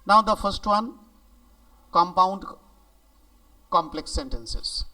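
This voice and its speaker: A male grammar teacher, explaining sentence structures slowly and deliberately, stressing key words. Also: high voice. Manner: slow and deliberate, lively emphasis on key words. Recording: voice a bit distant from the mic.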